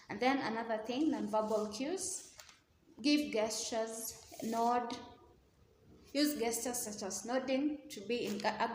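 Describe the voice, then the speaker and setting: A woman's voice: on the high side, darkish tone. A woman teaching an exam revision lesson, explaining step by step and repeating key words. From Kenya. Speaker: English teacher. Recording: echoey room with faint noise.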